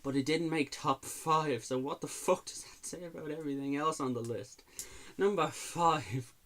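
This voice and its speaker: A man's voice: a little high, normal speed, fairly bright tone. A man reviewing films in an exasperated, sarcastic rant, swearing freely. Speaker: movie reviewer. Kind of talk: ranting movie review.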